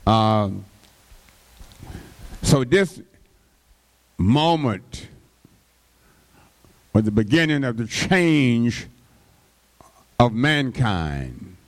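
A male preacher delivers a sermon at an unhurried, drawn-out pace. He keeps stopping to toss out call-and-response interjections to the congregation, his voice sitting at an ordinary middle pitch. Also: big pitch swings.

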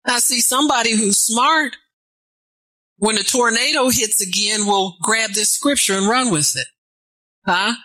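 A woman with a slightly high voice preaches a sermon at a measured pace, reading scripture aloud and interrupting herself with questions to the congregation. Her call-and-response asides build until her voice climbs into shouts. The audio is poor but has no echo.

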